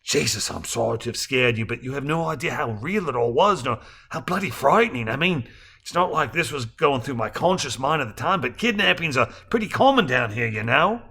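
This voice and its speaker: A man reading a novel aloud, voicing a rattled, anxious husband in a low, hushed, weary voice. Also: lively intonation, a little fast, gravelly, slightly rough, heavily acted. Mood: apologetic.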